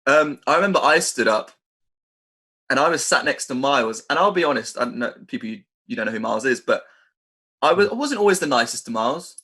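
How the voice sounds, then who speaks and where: A man's voice: mid-range voice, lively intonation, quick pace, pushed and bright, husky. A young man, co-hosting a casual podcast, telling school stories with laughs and casual swearing. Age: young adult. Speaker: podcast co-host. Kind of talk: casual chat.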